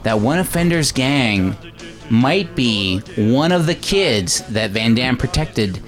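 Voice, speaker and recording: A man's voice: medium pitch, expressive, slow pace, soft background music. A man co-hosting a casual movie podcast, chatty and jokey as he recaps the plot. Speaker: podcast co-host.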